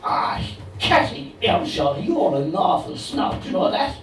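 A man voicing a blunt, rough young stable lad of the moors in a put-on Cork accent, low and gruff. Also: very animated, unhurried, full character voice. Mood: scolding. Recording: echoey room from far off, noisy.

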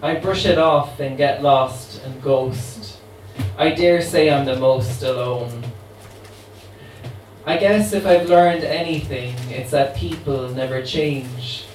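A man's voice: fairly high pitch, slow pace. A man reading a poem in the voice of a sassy, weary, immortal female voodoo queen, with a wry monologue delivery. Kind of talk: dramatic poetry reading. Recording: roomy, distant mic, faint ambient noise.

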